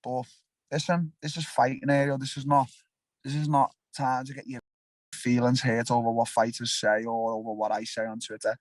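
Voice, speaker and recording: A man's voice: medium pitch, normal speed, no room sound. Blunt young Liverpool man, dry sound. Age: young adult. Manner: blunt and animated, with frequent restarts and swearing. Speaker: fighter being interviewed. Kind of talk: casual interview talk.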